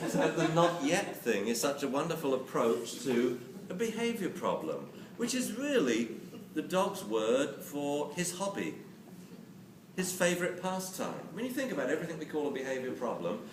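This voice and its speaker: Male lecturer, animated and jokey, pitch swinging widely, caught on a far-off mic in a roomy hall. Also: normal speed. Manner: animated, jokey, acts out quotes. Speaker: dog training lecturer. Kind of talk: lively live lecture to an audience. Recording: roomy, distant camera mic with hiss.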